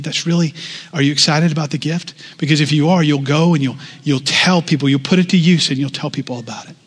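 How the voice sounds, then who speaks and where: A man's voice: on the high side, fairly even intonation, fast, husky, long reverb tail. A male pastor preaching a sermon in a conversational way, often asking the congregation questions.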